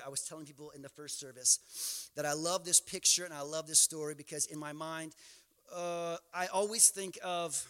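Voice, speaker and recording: A male pastor preaching a sermon, moving from quiet storytelling to impassioned, near-shouted exhortation. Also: fairly high pitch. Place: church sanctuary. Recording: church hall reverb.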